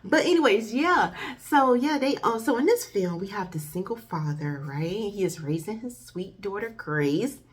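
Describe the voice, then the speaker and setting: A woman's voice: mid-range voice, expressive, moderate pace, hardly any pauses, a little hiss or hum. A woman chatting casually as she reviews a movie for her channel, talking to her viewers as "y'all". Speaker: faith-based movie reviewer. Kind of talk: casual video review chat.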